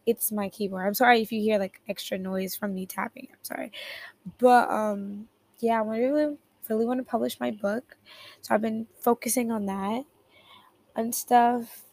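Teen girl podcaster, kinda high voice, rambly and giggly, keeps correcting herself, talking from her bedroom. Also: steady tone, normal speed, vocal fry, darkish tone. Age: teens. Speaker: podcast host. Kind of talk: casual chat. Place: bedroom at home. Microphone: headphones at a computer keyboard.

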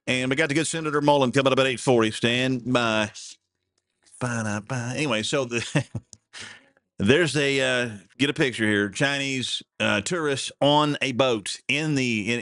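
A male talk radio host at a middle pitch, rambling casually through his stories with folksy asides and frequent chuckles. His voice sits close on a studio mic with a dry, dead sound. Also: fairly bright tone, no echo.

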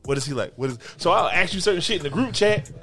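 Young dude on a podcast, bright high voice, teasing and laughing, music faint underneath. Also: male voice, animated, fast talker. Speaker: podcast co-host. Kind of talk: casual chat.

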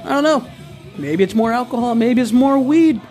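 A man hosting a podcast, giving a fast, joking, hyped-up pep talk. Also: extremely high pitch, lively intonation, darkish tone, faint music behind. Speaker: podcast host. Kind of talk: casual pep-talk monologue.

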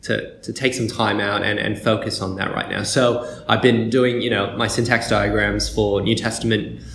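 A man co-hosting a podcast in casual chat, talkative and quick to laugh, getting animated when retelling a story. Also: on the low side, a little hiss or hum. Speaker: podcast co-host. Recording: echoey room.

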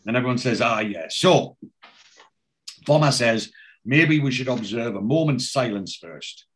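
An unhurried, animated man with a medium-pitched, somewhat bright voice chats casually on his podcast. He walks through scenes from a TV episode and reads characters' lines in a plain recap tone, dropping in many ums.

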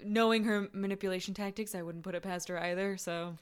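A woman's voice: medium pitch, fairly even intonation, brisk, smooth. A woman co-hosting a casual podcast, giving her take on a drama and laughing easily. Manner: reflective, giggly, gives opinions with restarts. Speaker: podcast co-host. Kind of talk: casual chat.

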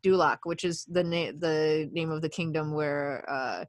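A woman's voice: low voice, a little slow, no room sound. A woman co-hosting a podcast, casually retelling a film plot with lots of fillers and acted-out lines. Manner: rambling storyteller, acts out lines, frequent fillers. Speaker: podcast co-host. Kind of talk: casual film recap chat.

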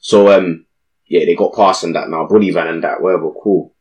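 A young man, telling a slangy, animated story as a podcast co-host. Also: low-pitched, a little fast, lo-fi sound. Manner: animated, slangy, acts out voices in his stories. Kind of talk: casual storytelling chat.

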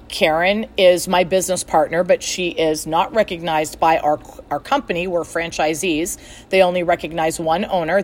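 Woman telling a business story, animated. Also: lowish voice. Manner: animated, acts out quoted exchanges. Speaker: fitness studio franchise owner. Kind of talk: storytelling monologue.

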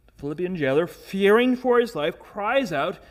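Pastor, male, fairly high voice, earnest emphatic sermon delivery with rhetorical questions. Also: lively intonation, normal speed.

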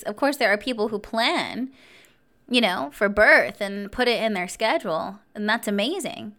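A woman in her twenties telling a story in a casual vlog, animated and chatty, full of fillers. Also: medium pitch, normal speed. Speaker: vlogger.

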